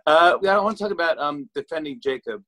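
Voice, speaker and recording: Easygoing talk show host, higher voice. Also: male voice, quick pace, pushed and bright. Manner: laid-back, laughs along, fillers. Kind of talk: casual interview.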